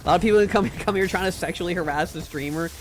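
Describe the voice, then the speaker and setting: A man's voice: high-pitched, fast, slight background noise. A man streaming a game live, joking around as he plays and reads chat, often repeating words while he talks. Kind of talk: live gameplay commentary and chat reading.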